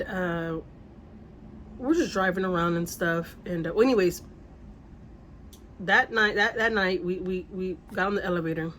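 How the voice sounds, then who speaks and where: A woman's voice: fairly low pitch, a little hiss or hum. A woman telling a vacation story in casual storytime style, rambling and repeating herself with the odd swear word.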